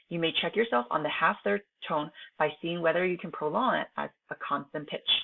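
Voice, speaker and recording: A woman teacher, native in Chinese, with a low voice and a gravelly edge to it. She reads out the lesson and then talks to her students in a loose, chatty way, checking in with "right?" again and again. The sound is thin and narrow, as if it came through a phone line. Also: noisy background. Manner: reads textbook aloud, then chats to students with frequent "right?" tags. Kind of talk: recorded online lesson. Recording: tinny phone-like home recording.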